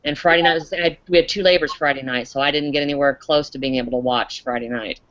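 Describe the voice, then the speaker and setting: A woman's voice: low-pitched, fairly even intonation, fast talker, fairly bright tone. A woman from Kansas with a Midwestern accent, chatting casually in a discussion group and trailing off mid-sentence. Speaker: podcast discussion group member. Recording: lo-fi call audio.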